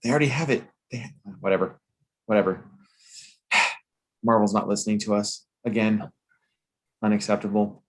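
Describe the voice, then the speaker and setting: A man's voice: on the low side, fairly bright tone. A man co-hosting a casual review chat, playful and showy, drawing out his announcements. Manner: playful showman, drawn-out announcer build-ups. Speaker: co-host.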